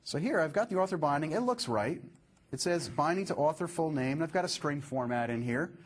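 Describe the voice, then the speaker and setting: A man presenting a live software demo, upbeat and explaining step by step as he clicks through his code. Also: on the high side, animated, a little fast.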